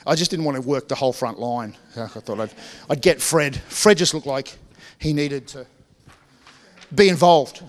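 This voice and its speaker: A man's voice: medium pitch, moderate pace, big-room sound. A man preaching a sermon in a church, talking conversationally, joking with the congregation, and often restarting his sentences. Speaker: pastor.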